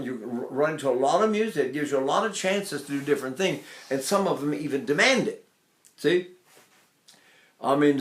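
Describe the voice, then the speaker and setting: A man's voice: mid-range voice, reverberant. Chatty older man teaching singing. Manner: folksy, chatty, asks "right?" and "see?". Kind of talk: singing lesson with sung demonstrations.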